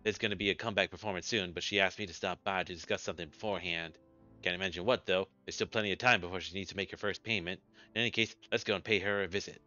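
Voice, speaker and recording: A smug, money-minded loan shark talks quickly with a wry edge, as a man reads him in a game playthrough. The voice is lowish and bright. The recording is dull and lo-fi, with game music behind. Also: steady tone. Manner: quick, wry reading of character lines. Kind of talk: let's play character voice.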